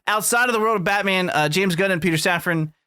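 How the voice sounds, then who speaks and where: A man chatting on a podcast, crude and jokey, rambling from one thought to the next. His voice sits on the high side. The sound is dry and close, with no room echo. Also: quick pace, pushed and bright, smooth. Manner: crude, joking, rambling, laughs often. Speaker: podcast co-host. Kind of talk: casual chat.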